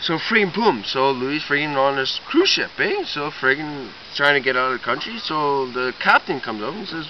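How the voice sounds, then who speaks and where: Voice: mid-range voice, sing-song, normal speed, few pauses. A person telling a long, rambling joke casually, tagging lines with "eh?". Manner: rambling, tags lines with "eh?", swears mildly. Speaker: joke teller. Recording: distant, dull, noisy home recording.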